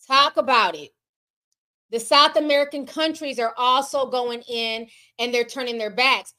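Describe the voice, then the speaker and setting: Bright, high-pitched sassy woman streamer. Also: moderate pace. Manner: animated, sassy, swears freely, talks straight to chat. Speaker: livestream commentator reading super chats. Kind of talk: casual livestream chat.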